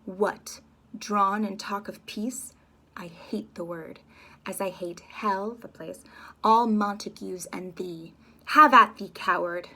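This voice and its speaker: Woman doing a hateful young swordsman, slow, menacing, taunting. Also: mid-range voice, steady tone, pushed and bright, full character voice.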